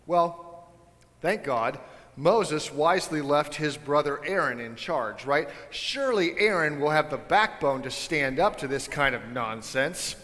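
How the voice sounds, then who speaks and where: A man preaching a sermon to his congregation, casual and animated, with joking asides to his listeners. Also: fairly high pitch, measured pace, big-room sound. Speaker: pastor. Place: church sanctuary.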